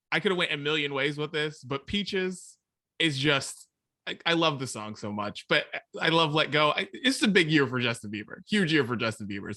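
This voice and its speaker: A man co-hosting a casual podcast, ranting with animated energy and frequent laughs. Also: medium pitch, dry recording, studio quality. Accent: Pittsburgh. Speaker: podcast co-host. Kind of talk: casual chat.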